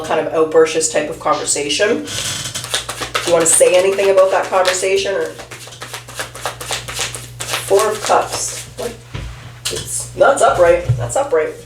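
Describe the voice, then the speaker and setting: Chatty woman tarot reader, lowish voice. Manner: chatty, addresses the viewer directly. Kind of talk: casual tarot reading to camera. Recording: echoey room, mic at a distance, faint noise.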